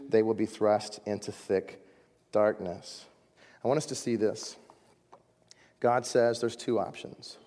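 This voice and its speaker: A man preaching a sermon as a pastor, reading scripture and swinging between loud emphasis and hushed lines. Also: medium pitch. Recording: long reverb of a large hall.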